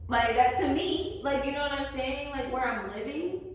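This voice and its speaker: A young woman chatting casually, telling stories in an animated way with lots of "like". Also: high-pitched, normal speed, far from the mic, slight background noise. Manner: animated storytelling, frequent "like", laughs. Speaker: vlog host. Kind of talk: casual chat. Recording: echoey room, away from mic.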